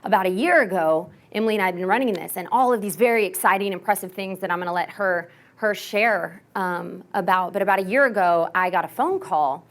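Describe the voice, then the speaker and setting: A young woman from Texas gives a candid, animated keynote story. She leans heavily on "like" and acts out the voices she quotes. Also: medium pitch, fairly quick, few pauses. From Texas, USA. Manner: candid and self-mocking. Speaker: motivational keynote speaker. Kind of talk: personal storytelling talk.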